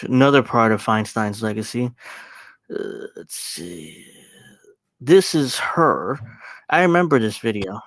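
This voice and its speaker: A young man hosts a casual commentary on video clips, mocking and profane and quick to laugh. His voice sits in an ordinary middle pitch, and the sound is dry and close to the mic. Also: no echo. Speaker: host.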